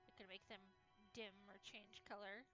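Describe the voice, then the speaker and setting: A woman's voice: mid-range voice, fairly even intonation, moderate pace, bright, forceful tone, faint music behind. A woman playing a tabletop game, thinking aloud about her options and swearing casually. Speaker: player.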